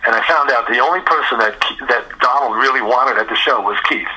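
An older male musician, a guest on a radio interview, telling animated anecdotes, acting out the dialogue, swearing and laughing as he goes. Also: medium pitch, fairly quick, breathy edge, low-quality recording. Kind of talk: storytelling interview chat.

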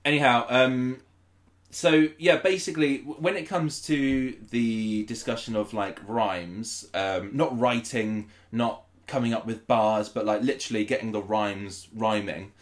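Male host, casual, animated storyteller, acts out his own quotes. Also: mid-range voice, measured pace. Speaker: podcast host, battle rapper. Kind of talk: casual chat.

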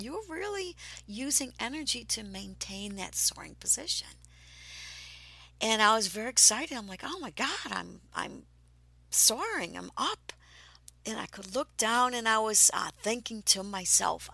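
Speaking slowly about something from her own life, a woman sounds breathy and slips into whispers now and then, later becoming lively and excited. Her voice is medium in pitch.

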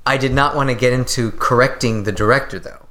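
Man in relaxed show-review chat. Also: medium pitch, fast. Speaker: podcast co-host. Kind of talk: casual chat reviewing a TV episode.

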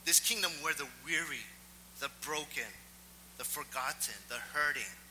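A male pastor preaching a sermon, telling a personal story in an animated, self-mocking way. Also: on the high side, a little slow, in a large hall, a little hiss or hum, rough recording.

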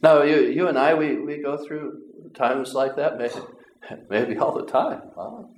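A man preaching a sermon, earnest and halting, with repeated words and long pauses. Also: on the high side, animated, a little mellow. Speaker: pastor. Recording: roomy echo.

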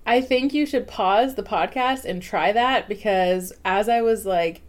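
A woman's voice: medium pitch, measured pace. Young woman podcasting solo, chatty and informal, lots of "you know" and "like", laughs easily. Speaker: podcast host. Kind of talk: casual solo podcast talk.

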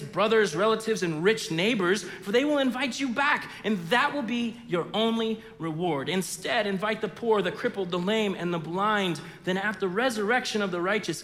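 A man preaching in a big hall with long reverb, his voice high and bright for a man. He tells a story, then teaches, swinging from loud bursts down to hushed, low lines. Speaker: pastor. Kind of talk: sermon.

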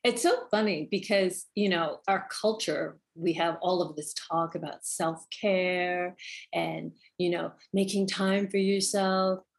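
Slow, reflective woman guest. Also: fairly low pitch, steady tone, vocal fry. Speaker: actor, interview guest. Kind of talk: conversational interview.

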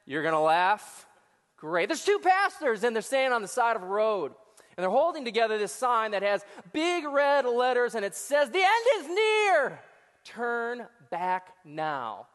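A man's voice: extremely high pitch, expressive, normal speed, fairly bright tone, long reverb tail. A male associate pastor giving a joking, crowd-engaging sermon to a large church audience. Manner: joking, talks back to the crowd. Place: church auditorium before hundreds of people.

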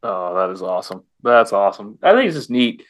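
A man's voice: fairly low pitch, sing-song, a little fast, no room sound. A man hosting a podcast, chatting casually and encouraging his guest. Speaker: podcast host. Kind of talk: casual interview chat.

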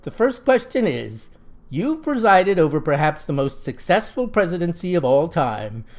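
A man's voice: fairly high pitch, big pitch swings, normal speed, darkish tone. A man voicing an earnest small-town lodge president who speaks with a heavy stutter or with stiff formality.

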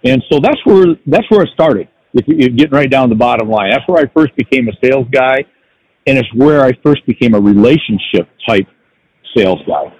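An older man tells stories slowly and reflectively, often restarting his sentences, as a guest on a podcast. His voice is husky. The recording sounds dry and somewhat dull. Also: mid-range voice, expressive, no echo. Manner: reflective storytelling with frequent restarts. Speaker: podcast guest, sales professional. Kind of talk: casual podcast conversation.

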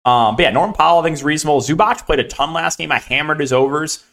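A man's voice: fairly high pitch, a bit bright. A young man giving a casual solo podcast breakdown of fantasy sports picks, rattling through names and numbers with lots of ums and likes. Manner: rapid, filler-heavy, lists names and numbers.

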